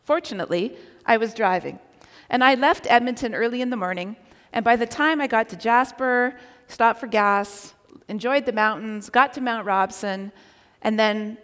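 A woman preaching a sermon, telling a personal story with animated delivery and occasional shouted quotes. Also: fairly high pitch. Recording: long reverb of a large hall.

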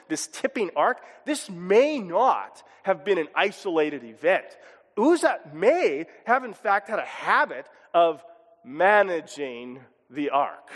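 A man preaching a sermon as pastor, animated and expressive, sometimes chuckling and acting out voices. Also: sits high, in a large hall.

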